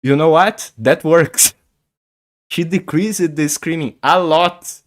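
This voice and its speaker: A man's voice: a little high, slow. A man, a Portuguese speaker, chatting casually with viewers on a chess stream, often stammering and repeating words. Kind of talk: casual livestream chat.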